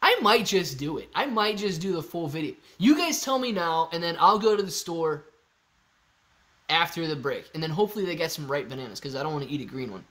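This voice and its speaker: Hyped-up guy on a live stream, chatting straight at his viewers, kinda high voice. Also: very animated, fairly quick, fairly bright tone. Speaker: livestream host.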